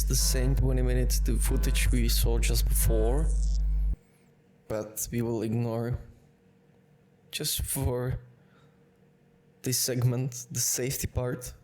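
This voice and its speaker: Slow, analytical man breaking down race replays. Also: medium pitch, a little mellow. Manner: analytical, with frequent self-corrections. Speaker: sim racing channel host. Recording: music bed under the voice.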